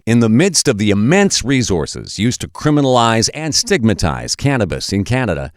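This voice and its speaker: A man narrating a documentary podcast in a measured, storytelling delivery. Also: mid-range voice, big pitch swings, dry recording, clean studio sound.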